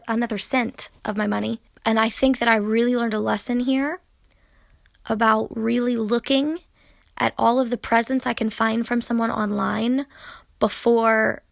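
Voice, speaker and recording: Indignant woman ranting to camera, gravelly voice. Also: a little high, dry recording, studio quality. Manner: exasperated, indignant, direct address. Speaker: tarot YouTuber. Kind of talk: ranting vlog commentary.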